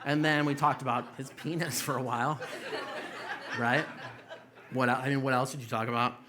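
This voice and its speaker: A man's voice: mid-range voice, steady tone, moderate pace, crowd noise. A young man doing a stand-up set in a small comedy club, telling loose, profane stories with mocking quoted voices.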